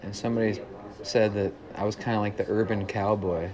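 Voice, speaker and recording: A low, fairly flat-voiced man with a light small-town Illinois country twang, talking in a relaxed, rambling way. He is interviewed in a working man's bar, and crowd chatter fills the room behind him. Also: brisk. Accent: small-town Central Illinois, slight country twang. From Central Illinois, United States. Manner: easygoing storyteller, many "kinda" and "uh". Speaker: musician interviewee.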